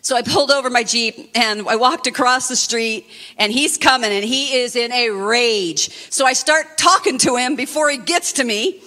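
A woman preacher telling a personal testimony in an expressive, fervent sermon style. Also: on the high side, moderate pace.

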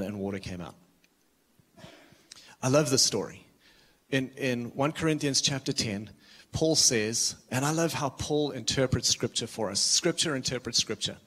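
A man's voice: medium pitch, a little slow, fairly bright tone. A man preaching a sermon with urgency, earnest and a little self-deprecating, often restarting his words. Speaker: visiting preacher.

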